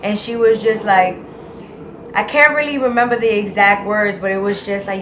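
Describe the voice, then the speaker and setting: A woman's voice: mid-range voice, steady tone, moderate pace. Young woman vlogger, casual rambling storyteller, echoey room. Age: young adult. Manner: talks in long run-on rambles with many "like"s. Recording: echoey room with faint noise.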